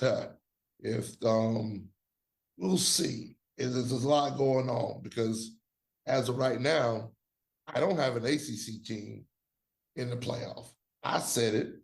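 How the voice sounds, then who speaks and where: A man's voice: mid-range voice, creaky. A man co-hosting a sports podcast, giving his own college football rankings in emphatic, slangy, trash-talking casual chat.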